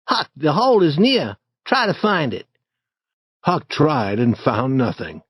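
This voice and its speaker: A male audiobook narrator reading for English learners. He reads slowly and clearly, with a lively, varied pitch. The sound is dry and close. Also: no room sound. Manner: slow, clear, deliberate reading.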